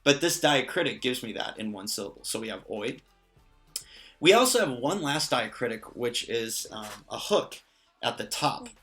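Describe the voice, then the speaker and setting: Male teacher, bright clear voice, patient and jokey, casual explainer, soft music under. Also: mid-range voice, expressive, moderate pace. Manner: patient, explanatory, lightly joking. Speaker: language teacher. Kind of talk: casual lesson explaining a constructed language.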